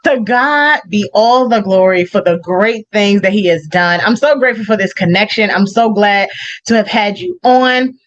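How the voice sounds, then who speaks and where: Effusive woman podcast host, lo-fi sound. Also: mid-range voice. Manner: effusive, emotional, quick to laugh. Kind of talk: warm gospel podcast interview.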